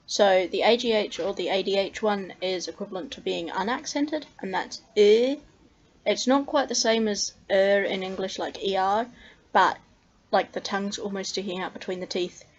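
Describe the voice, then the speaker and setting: A language tutor, a young Australian woman, talks to the camera at a normal pace in a mid-range voice. She walks through letter sounds, demonstrating each with care and many ums; the lo-fi audio is slightly muffled.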